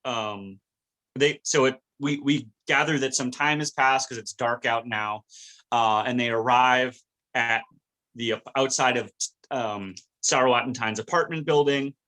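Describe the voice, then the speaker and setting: A man with a bright, forward tone hosts a casual podcast. He retells scenes with lively, animated storytelling. He keeps it chatty and relaxed, mid-pitched. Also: unhurried. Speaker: podcast host.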